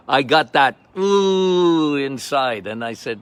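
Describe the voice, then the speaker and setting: An older man hosting a health podcast as a doctor, talking loudly and passionately in a casual monologue. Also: mid-range voice, expressive, very slow, pauses often, smooth. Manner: loud, passionate, emphatic.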